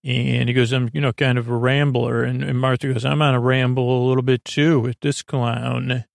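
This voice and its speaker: A man's voice: mid-range voice, flat delivery, moderate pace, creaky, no room sound, clean studio sound. A man hosting a sleep podcast, loosely retelling a TV episode in a meandering way with lots of filler words. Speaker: podcast host.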